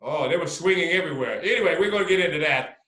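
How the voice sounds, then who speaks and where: A man hosting a casual video-call interview, teasing his guest with drawn-out either-or questions in an excitable manner. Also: on the high side, reverberant. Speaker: channel host.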